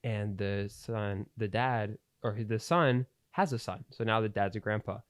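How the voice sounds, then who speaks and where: A young man hosts a podcast, rambling through a long story full of fillers and restarts in casual storytelling fashion. His lowish voice moves unhurriedly, captured on a studio podcast mic with no echo.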